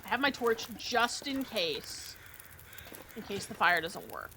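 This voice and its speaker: A woman's voice: a little high, big pitch swings, unhurried, sharp tone, a little hiss or hum. A woman streaming a survival game, talking casually, joking and swearing freely. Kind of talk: casual gameplay commentary.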